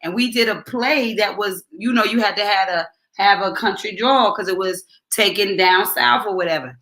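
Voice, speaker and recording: Co-host: New York woman, bright tone, mid pitch, lively storyteller. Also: moderate pace. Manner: animated storyteller, chatty asides. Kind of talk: casual chat.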